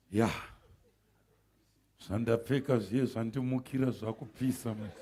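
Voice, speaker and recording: A man preaching a sermon, calling out to the congregation, shouting and laughing as he goes. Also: medium pitch, slow, husky. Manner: animated preaching with shouts, laughs and call-and-response. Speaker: pastor. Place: church sanctuary.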